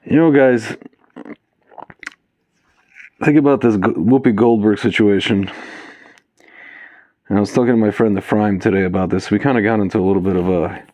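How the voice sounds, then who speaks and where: A man talking casually to camera in a lowish voice, addressing his viewers as "guys". He fills pauses with "uh" and "um" and drifts between points in a loose, digressive way. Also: mellow, no echo. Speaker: video commentator. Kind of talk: casual spoken commentary to camera.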